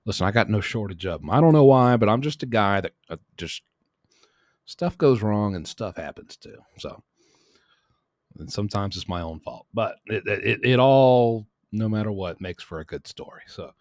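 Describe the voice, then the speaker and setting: A man hosting a podcast, telling a story casually in a rambling, animated way and correcting himself as he goes. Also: lowish voice, normal speed, no room sound, clean studio sound. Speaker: podcast host.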